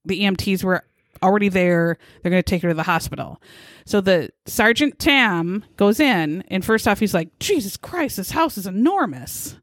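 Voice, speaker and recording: A woman's voice: lowish voice, normal speed, dry recording, studio quality. A woman co-hosting a podcast, chatting casually as she retells a true crime case and acts out the quotes. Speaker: podcast co-host.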